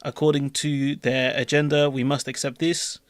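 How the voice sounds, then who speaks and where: A man's voice: mid-range voice, little pitch movement, moderate pace, dry recording, clean studio sound, lightly acted. A man putting on a French accent to read a politician's speech in a mock-formal, emphatic way. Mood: mock-serious. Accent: French, put on.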